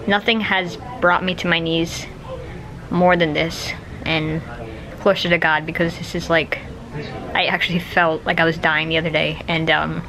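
A man's voice: on the high side, flat delivery, moderate pace, gravelly, a crowd in the background, poor audio. Tired young man rambling in a hospital room. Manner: rambling, many fillers and restarts. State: tired after surgery. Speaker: vlogger. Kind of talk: casual vlog chat.

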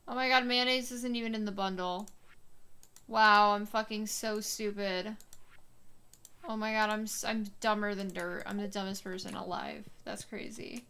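A young woman streamer chatting casually while she plays, talking to herself, mocking her own mistakes and swearing with sudden loud outbursts. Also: mid-range voice, fairly even intonation, normal speed, smooth. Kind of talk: casual live-stream chat while playing a farming game.

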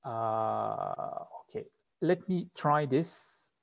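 A man's voice: fairly high pitch, animated, measured pace, darkish tone, muffled recording. Man with a thick French accent. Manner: hesitant, many fillers and restarts. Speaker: webinar presenter. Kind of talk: live tech webinar demo.

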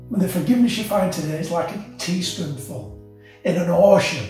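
A man preaching a sermon as senior pastor, earnest and impassioned, with soft guitar music behind him. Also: high voice, a little fast. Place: church auditorium. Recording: echoey church hall, mic at a distance.

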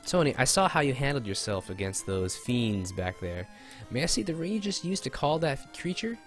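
A man voicing a calm, earnest young male guide in a video game, speaking formally. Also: medium pitch, soft background music, voice pushed up, close to an everyday voice. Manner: formal, measured.

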